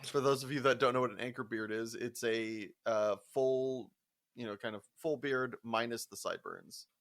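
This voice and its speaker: A young man with a medium-pitched voice co-hosts a podcast at a moderate pace, sharing work stories in casual conversation. He's a profane, animated storyteller who swears freely, laughs often, and acts out the quotes he tells.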